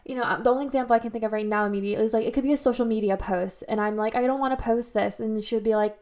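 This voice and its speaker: A woman's voice: a little high, fairly even intonation, very fast, darkish tone. A young woman co-hosting a podcast, speaking in a reflective, supportive way with frequent "like". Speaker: podcast co-host. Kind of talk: casual chat.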